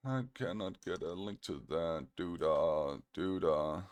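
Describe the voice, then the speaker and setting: A man talks through a commentary video as he answers a critic, mocking him with slow, repeated jabs. His voice is smooth and clean, and he takes his time. His tone stays sarcastic throughout. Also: low voice. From Australia. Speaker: online video creator responding to a critic. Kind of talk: casual screen-recorded commentary.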